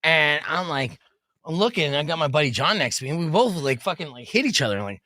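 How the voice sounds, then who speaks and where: A man in his thirties, hosting a podcast, telling stories in an animated, rowdy way and yelling out the lines he quotes. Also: on the high side, fast, no echo, clean studio sound. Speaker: podcast host. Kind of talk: casual podcast storytelling.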